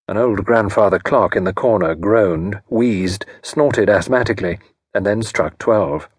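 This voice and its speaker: A man narrating an audiobook in a measured, expressive storytelling manner. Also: lowish voice, breathy edge, no echo, studio quality. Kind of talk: scripted narration.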